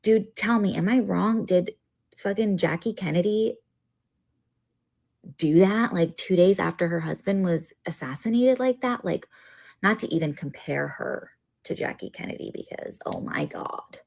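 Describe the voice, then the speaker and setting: A woman's voice: fairly low pitch, unhurried, vocal fry, darkish tone. A woman reacting in a social media clip, drawling and profane, padding her speech with "like". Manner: drawling, filler-heavy, profane.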